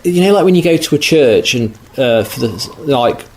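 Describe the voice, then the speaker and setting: A man's voice: mid-range voice, animated, darkish tone. Guy, average voice, rambly casual chat, faint noise. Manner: chatty, rambling, halting. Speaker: podcast co-host.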